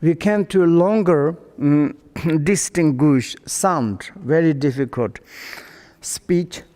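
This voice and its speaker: An older man giving a Buddhist dharma teaching, speaking halting English and searching for words as he goes. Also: a little high, dark tone. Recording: long hall reverb.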